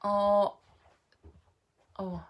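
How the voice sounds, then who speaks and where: A woman's voice: mid-range voice, flat delivery, extremely slow. A middle-aged woman from England chatting casually on a live baking stream, greeting viewers by name and laughing often.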